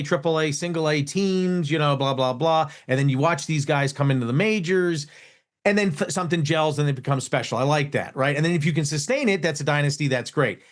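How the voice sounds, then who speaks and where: A man hosting a radio talk show, chatting casually in an animated, exasperated way, with frequent restarts. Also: fairly high pitch. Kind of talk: casual on-air banter. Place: radio studio.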